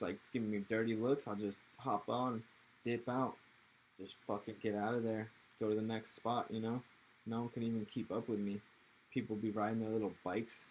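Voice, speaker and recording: A young man from Texas with an American accent talks in a rambling, laid-back way, full of casual slang and swearing. His voice sits low and barely moves in pitch. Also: a little hiss or hum, rough recording. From Texas, USA. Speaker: interviewee. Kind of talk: casual interview chat.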